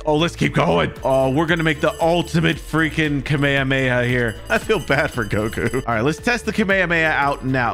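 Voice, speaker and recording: An excitable man commenting on a sandbox game, joking and laughing. His voice is high and bright, with faint music under it. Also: brisk, vocal fry, hardly any pauses. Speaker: gaming YouTuber.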